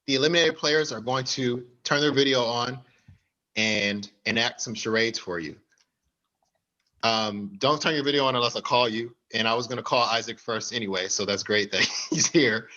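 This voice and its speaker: A man's voice: medium pitch, moderate pace, bright, forceful tone, lo-fi sound. A man hosting an online party game over a video call, with an upbeat, announcer-like delivery. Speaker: game host.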